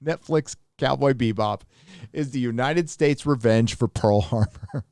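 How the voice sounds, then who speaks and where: A middle-aged man from Southern California chats through viewer donations on his livestream, rambling and laid-back. His voice sits at an ordinary middle pitch. It is recorded close on a desk mic with a dry, dead sound. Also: darkish tone, dry recording. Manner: rambling, laid-back, quick laughs, many fillers. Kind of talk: casual livestream chat.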